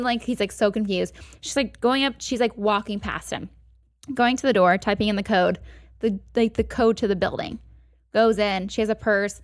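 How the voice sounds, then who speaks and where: A woman's voice: mid-range voice, moderate pace, dry recording, studio quality. Swearing, filler-heavy woman telling a story. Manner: lively retelling of a story. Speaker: podcast guest. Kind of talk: casual chat, storytelling.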